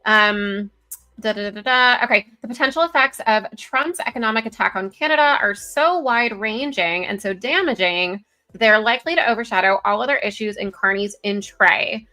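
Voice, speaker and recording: A woman co-hosting a casual political commentary show over a video call, chatty and giggly, reading news aloud with quick asides. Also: mid-range voice, sharp tone. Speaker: co-host. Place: home, virtual background.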